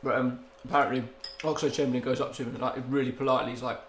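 A man's voice: medium pitch, fairly even intonation, very fast, few pauses. A man who co-hosts a podcast. He talks casually and teases his co-host, sometimes mumbling while he eats and breaking into laughter. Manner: teasing, mumbling while eating, bursts of laughter. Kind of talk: casual chat. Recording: echoey room with faint hiss.

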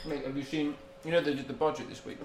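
A podcast co-host chats casually and teases his co-host, sometimes mumbling as he eats and bursting into laughter. His voice is fairly high, flat in delivery, and quick, heard in an echoey room with faint hiss.

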